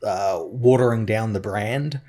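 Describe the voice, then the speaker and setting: A man's voice: fairly low pitch, a little slow, mellow. A man co-hosting a comics podcast in easygoing casual chat, full of "like" and small restarts. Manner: easygoing, many fillers like "like".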